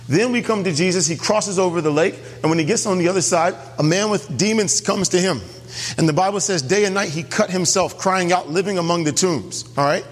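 A man with a high, husky voice delivers an emphatic sermon, often checking in with his listeners. His words ring out with the long reverb of a church hall. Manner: emphatic, keeps asking the congregation questions. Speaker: pastor.

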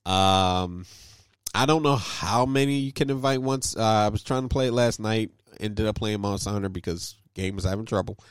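A man's voice: moderate pace, smooth, no room sound. Chatty man hosting a gaming podcast. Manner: animated, laughs often, voice jumps high when excited. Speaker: podcast co-host. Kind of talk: casual podcast chat.

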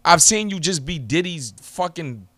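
A man's voice: fairly high pitch, lively intonation, unhurried, bright, forceful tone, no echo, studio quality. A young man hosting his own podcast alone, ranting in a profane, heated, swaggering way. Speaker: podcast host. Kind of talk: solo podcast rant.

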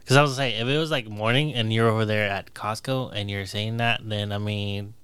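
A man's voice: fairly low pitch, steady tone, a little fast, fairly bright tone, smooth. A young man chatting casually in a laid-back way, hedging often and swearing freely. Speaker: podcast co-host, delivery driver. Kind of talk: casual chat.

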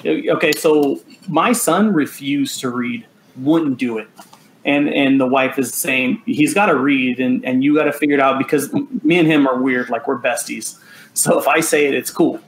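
Jokey, animated storytelling dad. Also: male voice, medium pitch, normal speed, slight background noise, low-quality recording. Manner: animated, jokey storyteller who acts out family dialogue. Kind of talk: casual storytelling.

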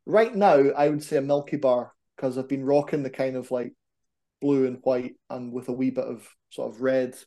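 Mellow-voiced man chatting animatedly. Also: medium pitch, normal speed. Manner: animated, self-deprecating, rambling. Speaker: podcast guest, wrestler. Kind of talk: casual chat.

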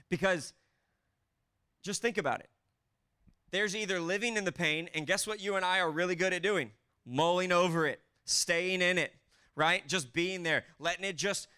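A man's voice: on the high side, bright, forceful tone, clean tone. A man preaching a sermon as pastor to a church congregation, emphatic, acting out prayers in the first person.

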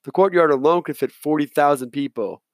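A man's voice: fairly high pitch, brisk, no echo, voice pushed up, natural voice. A man voicing a middle-aged male hotel manager who rambles and turns curt when crossed, in a storybook reading. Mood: talkative.

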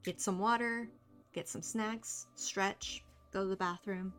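A woman narrating as game master, chatty and relaxed. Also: medium pitch, unhurried. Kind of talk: narrating a tabletop game on stream.

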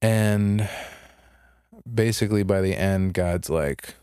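A man's voice: low voice, takes it slowly, long pauses, warm tone, smooth, no echo, studio quality. A young man co-hosting a podcast, casually retelling a story and acting out the characters' lines in a laid-back way. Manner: laid-back, retells stories with put-on voices. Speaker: podcast co-host.

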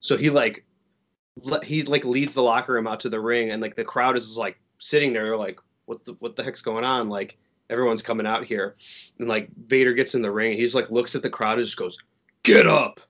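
Guest spot: Chicago man, rambling storyteller, mid-pitched everyday voice. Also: fairly even intonation, fairly quick, fairly bright tone. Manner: rambling, many likes and restarts. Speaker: podcast guest, wrestler. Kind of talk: casual storytelling chat.

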